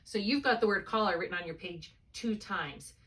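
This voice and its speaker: Speaking at a moderate pace, this reading tutor has a medium-pitched, slightly bright voice caught on a distant laptop mic held while writing. She teaches a one-on-one spelling lesson by video call, explaining patiently and checking in with questions.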